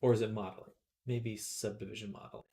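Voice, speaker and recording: A man's voice: lowish voice, quick pace, creaky. A man casually chatting on a livestream while he works on a 3D model, chuckling and reading viewer comments aloud. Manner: relaxed, chuckling, reads chat aloud. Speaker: 3D artist streaming avatar work.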